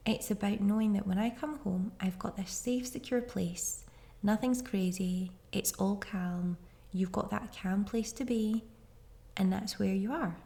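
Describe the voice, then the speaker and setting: A woman's voice: mid-range voice, creaky, mellow. A woman in her thirties hosting a podcast, talking casually and reassuringly straight to parents listening. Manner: chatty and reassuring, speaks directly to listeners. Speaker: podcast host. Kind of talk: casual parenting advice monologue.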